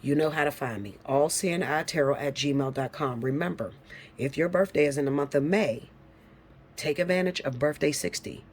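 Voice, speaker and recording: A woman giving a casual tarot reading to camera. She talks bluntly and swears a lot, with a teasing tone that swings from low mutters to high, loud bursts. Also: moderate pace. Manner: blunt, profane and teasing, breaks into laughs. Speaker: tarot reader.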